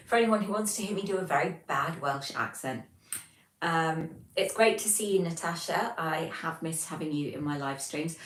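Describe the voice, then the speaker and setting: A woman's voice: lowish voice, a bit bright. A British woman hosting a casual livestream chat. She greets viewers and reads their messages aloud, with plenty of ums. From Britain. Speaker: livestream host. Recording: roomy echo, distant mic.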